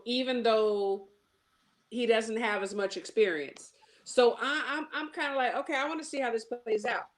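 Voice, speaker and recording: A woman from Texas hosting a casual boxing chat. She laughs often and restarts her phrases. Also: a little high. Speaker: host.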